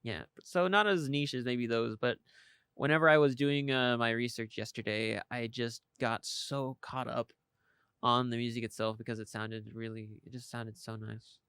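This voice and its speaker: A man's voice: mid-range voice, fairly even intonation, moderate pace, a bit bright, smooth, no echo, clean studio sound. A young man co-hosting a college radio show, talking in an easygoing, rambling way. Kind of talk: casual chat. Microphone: studio mic.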